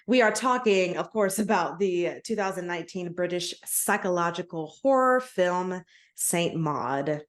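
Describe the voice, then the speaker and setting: A chatty woman co-hosting a podcast with a slightly low voice. She talks in a loose, casual way, laughing a lot and stumbling over names as she goes. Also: animated, a little slow. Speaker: podcast co-host. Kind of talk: casual chat.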